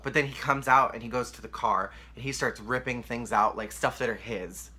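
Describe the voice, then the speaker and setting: A man's voice: mid-range voice, normal speed, sharp tone. A young man candidly telling a painful personal story to the camera, emotional and rambling, with lots of "like.". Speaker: vlogger.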